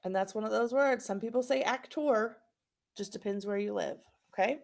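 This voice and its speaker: A woman's voice: medium pitch, quick pace, vocal fry, a little mellow. A woman teacher leading a patient, encouraging phonics lesson for young children.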